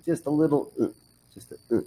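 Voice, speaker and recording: A man's voice: on the high side, brisk, mellow, low-quality recording. A man teaching English pronunciation one on one, patiently modelling words and correcting the learner's drills.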